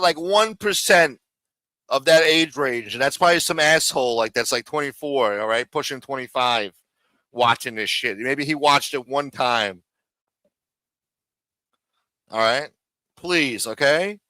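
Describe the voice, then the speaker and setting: A man hosts a live show and rants with profanity and sarcasm. His voice is bright and forceful. The sound is dry and close. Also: medium pitch, expressive, unhurried, pauses often, dry recording. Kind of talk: profane live-stream rant.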